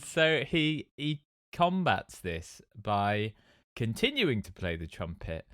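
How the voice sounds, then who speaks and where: A man hosting a casual podcast chat, halting with lots of "uh" and often laughing. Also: on the low side, very animated, fairly bright tone, no echo, clean studio sound. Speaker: podcast host.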